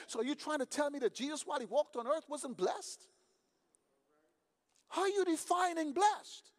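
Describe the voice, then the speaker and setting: A man preaching a sermon in a conversational way, swinging from quiet storytelling to loud emphasis. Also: very high-pitched, animated, moderate pace, creaky. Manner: conversational, swings from quiet to shouting, acts out dialogues. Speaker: pastor.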